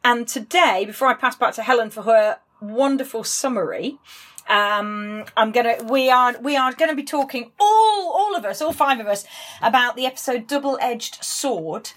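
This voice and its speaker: A woman from England co-hosting a podcast in casual chat, chatty and quick to laugh, often restarting her sentences. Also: a little high, animated, a bit bright. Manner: chatty, self-interrupting, laughing. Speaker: podcast co-host.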